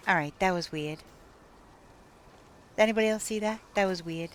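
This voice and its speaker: A woman's voice: fairly low pitch, normal speed, long pauses, very noisy. A woman with a New York accent chatting casually with her viewers while gaming on a live stream, laughing often. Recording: game music playing behind.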